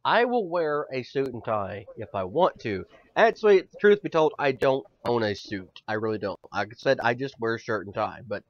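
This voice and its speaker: A man's voice: mid-range voice, expressive, moderate pace, few pauses, dry recording. A man in his thirties co-hosts a casual comedy podcast. He is loose and profane and swings from mock bragging to joking gloom. The sound is dull and lo-fi, with a dry, close feel. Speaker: podcast co-host.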